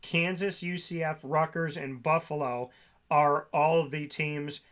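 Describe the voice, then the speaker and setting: A man's voice: a little high, fairly even intonation, unhurried, a bit bright. A man co-hosting a sports talk show, reeling off stats and player names in long runs. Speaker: co-host.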